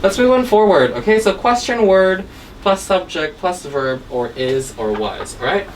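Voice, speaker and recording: A woman's voice: lowish voice, expressive, measured pace. A woman teaching English grammar in an online lesson, often checking in with "right?" and "okay?". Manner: tags sentences with "right?" and "okay?". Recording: distant mic with faint background noise.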